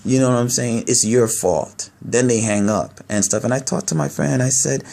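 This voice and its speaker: A man speaking candidly to camera, halting, earnest and full of restarts and repeated words. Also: mid-range voice, steady tone, creaky, warm tone. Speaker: video blogger. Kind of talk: candid personal talk to camera.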